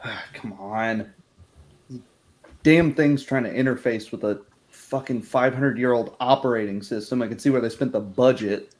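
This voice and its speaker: A man's voice: mid-range voice, moderate pace, a little mellow. A man in character at a tabletop game, talking in cocky, profane banter. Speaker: player.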